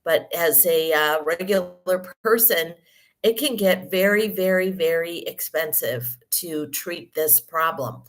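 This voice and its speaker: A woman with a croaky morning voice after a cold, explaining health topics in a rambling podcast monologue full of ums and self-corrections. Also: on the low side, takes it slowly. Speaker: podcast host. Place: hotel room.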